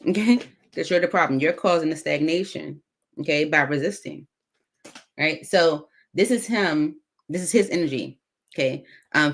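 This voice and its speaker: A woman reading tarot cards aloud in a casual, chatty way, thinking out loud with many fillers. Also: low-pitched. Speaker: tarot reader.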